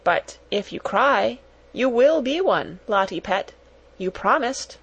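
Woman doing a steady, kind young girl. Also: medium pitch, normal speed, creaky, lo-fi sound. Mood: coaxing. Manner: steady, coaxing.

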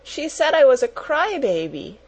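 A woman's voice: big pitch swings, measured pace, darkish tone, heavily acted. Woman doing a wailing little girl. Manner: high, sobbing, childish whimper. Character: small weepy girl, spoiled and wailing.

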